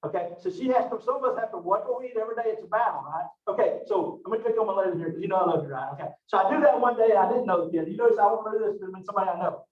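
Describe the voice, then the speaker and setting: A middle-aged man lectures on anatomy, wandering into chatty stories and asides. His voice sits fairly high for a man. It was picked up from across an echoey classroom, and the recording sounds dull and lo-fi. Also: rapid-fire, hardly any pauses, distant mic. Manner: folksy, rambling storyteller with asides. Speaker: college anatomy instructor.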